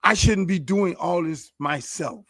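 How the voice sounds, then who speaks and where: A man's voice: high voice, a little slow, fairly bright tone, dry recording, clean studio sound. A man who is a show host and football coach, venting in a heated, profane, repetitive rant. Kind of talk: casual ranting monologue.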